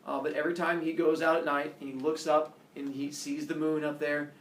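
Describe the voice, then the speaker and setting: Here a man leads a classroom lesson with theatrical playfulness, speaking a little fast in a slightly high, level voice. The audio comes from a camera on the other side of the room and carries the distant echo of the classroom.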